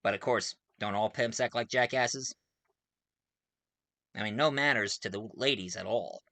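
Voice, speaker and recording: A man's voice: fairly low pitch, a little slow, pushed and bright, no echo. A man reviewing a movie in a casual, rambling way, full of fillers and frequent chuckles.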